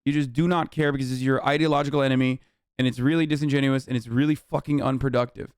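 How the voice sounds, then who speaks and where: A man's voice: medium pitch, fairly even intonation, fast, clean tone, no room sound. A man in his thirties ranting on a livestream, heated, profane and sarcastic, speaking into a close studio mic. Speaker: streamer.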